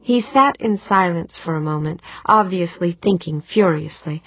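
A woman narrates a novel in a low, husky voice with steady, even pacing. The recording is dry and dull, close to the mic with no room sound. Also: a little slow, hardly any pauses, no echo. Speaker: audiobook narrator. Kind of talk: scripted narration. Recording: dull muffled audiobook recording.

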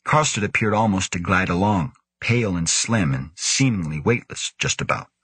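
A man narrating a science-fiction audiobook in a measured, steady way. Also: deep voice, slightly rough, dry recording. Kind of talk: scripted narration.

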